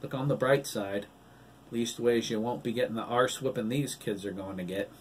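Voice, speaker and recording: A man's voice: medium pitch, moderate pace, slight background noise, close to an everyday voice. A man doing a wry, folksy man's voice.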